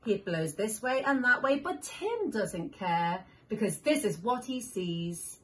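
Bright, slow picture-book reader woman. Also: medium pitch. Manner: animated, with sound effects and questions to the listener. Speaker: children's story reader. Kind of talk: reading picture books aloud to young children.

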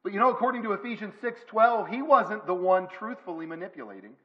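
Emphatic high-voiced male preacher. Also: expressive, quick pace, muffled recording. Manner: emphatic preaching with repeated phrases. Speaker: pastor. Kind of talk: sermon. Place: church sanctuary.

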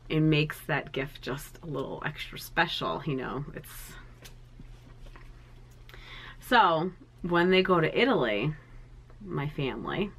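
A woman in her thirties chatting to camera as an art vlogger, talking in a chatty, sentimental way with plenty of fillers. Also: sits low. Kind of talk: casual chat to camera.

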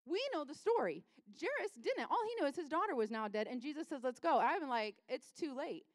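A woman pastor giving a lively, self-deprecating sermon, repeating lines for emphasis. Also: high-pitched, fairly quick, dry recording.

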